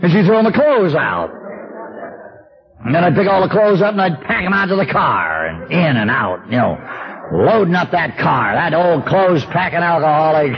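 Wry storytelling man, high lively voice. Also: moderate pace, breathy edge. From Southern California. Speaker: speaker at a recovery meeting. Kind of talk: humorous recovery talk. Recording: dull old lo-fi tape with faint hiss.

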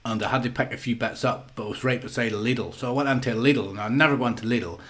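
A man's voice: medium pitch, fairly even intonation, quick pace. Hyper, laughing man. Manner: hyper, laughing, swearing storyteller. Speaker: podcast co-host. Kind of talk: casual chat.

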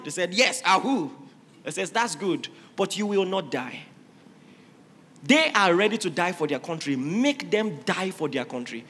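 A man preaching a sermon, emphatic and rising to shouted exhortations. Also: high-pitched, animated, measured pace, husky. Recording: reverberant hall with faint ambience.

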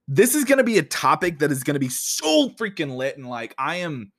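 A man's voice: fairly high pitch, brisk, few pauses. Hyped-up man hosting a solo podcast. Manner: energetic, excitable, swears freely. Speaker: podcast host. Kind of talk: casual solo podcast talk.

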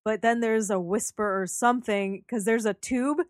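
A woman co-hosting a casual chat about a film, animated and laughing, acting out lines in quotes. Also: a little high, moderate pace, dry recording, studio quality. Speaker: podcast co-host.

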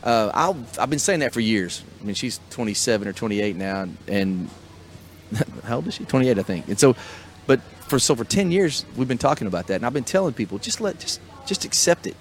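A man's voice: mid-range voice, animated, fairly quick, a little hiss or hum. A middle-aged man hosting a podcast as a small business coach, talking in an enthusiastic, motivational way. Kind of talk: casual chat.

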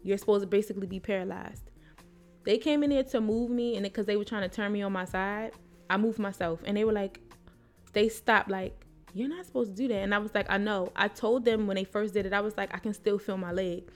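With faint music in the background, this podcast co-host, a young woman with a steady, medium-pitched voice, recounts a personal story frankly. She cusses openly and briefly acts out lines from the nurses and from herself.

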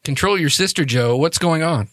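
A man's voice: fairly high pitch, lively intonation, moderate pace, a bit bright, no room sound, pitched above the performer's own voice. A man voicing a secretive woman who defends herself evasively and swears when pressed. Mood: sharp. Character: guarded secretive woman, older-sister figure.

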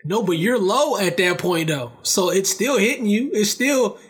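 A man's voice: high-pitched, animated, normal speed. A man in casual podcast chat who restarts his sentences, swears freely and keeps checking in with "you know what I'm saying.".

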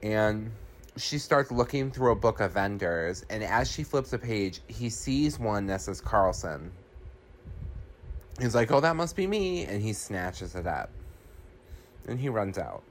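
A man's voice: on the low side, expressive, takes it slowly, a little hiss or hum. A man hosting a podcast, recapping a film in a loose, profane, casual way with many ums and likes.

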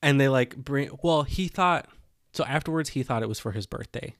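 A man's voice: medium pitch, moderate pace, no echo, studio quality. A young man casually telling a story on a podcast, acting out what people said along the way. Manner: animated storytelling, acts out quotes. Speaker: podcast co-host. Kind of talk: casual chat.

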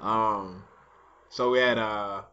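A man's voice: fairly low pitch, fairly even intonation, slow, sharp tone, slight background noise. A man co-hosting a podcast, telling a story in a rambling casual way with lots of ums and uhs. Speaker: podcast co-host. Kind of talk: casual chat. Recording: muffled lo-fi podcast recording.

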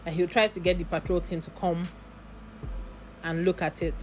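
A woman's voice: fairly low pitch, fairly even intonation, moderate pace, darkish tone, a little hiss or hum. A woman with a Nigerian accent, telling a long story in a casual vlog and full of asides and acted-out dialogue. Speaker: vlogger.

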